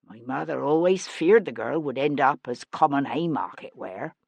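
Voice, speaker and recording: A woman voicing a timid, awkward young gentleman who speaks softly and hesitantly, his sentences rising like questions. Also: a bass voice, expressive, normal speed, vocal fry, no echo, voice pushed down, exaggerated voice. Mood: meek. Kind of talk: audiobook character voice.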